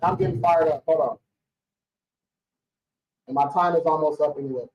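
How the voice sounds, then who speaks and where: Fairly high-pitched and fairly even in intonation, this credit repair business owner talks at a normal speed during a casual live stream. His delivery is fired-up and blunt, heavy on slang and swearing, and the sound is dull, distant, roomy lo-fi.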